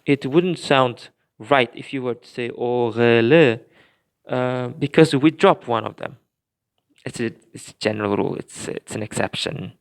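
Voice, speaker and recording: A man explaining grammar in a recorded lesson, careful and patient, often pausing with fillers and restarting his sentences. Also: mid-range voice, creaky. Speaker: language teacher.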